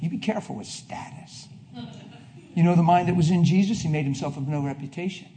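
A male preacher delivering a fervent sermon, swinging between shouted declarations and hushed, intimate asides. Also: a little high, fairly quick, slight background noise.

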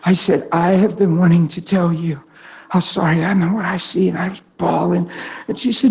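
A man's voice: high voice, moderate pace, creaky, a little mellow. A man preaching a sermon, telling his own story with spontaneous, emphatic delivery and acted-out quotes. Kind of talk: sermon with personal testimony.

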